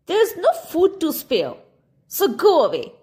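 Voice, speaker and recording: A woman's voice: extremely high pitch, huge pitch swings, takes it slowly, warm tone, pitched above the performer's own voice, heavily acted. A woman voicing a bad-tempered, bent old woman who speaks sharply and crossly. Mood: snappish.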